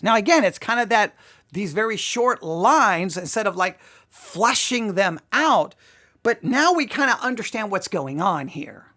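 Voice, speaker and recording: A woman hosting a podcast, talking through song lyrics in an animated way and slipping into voices to act them out. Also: mid-range voice, moderate pace. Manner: animated, slips into acting out the voices. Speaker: podcast host.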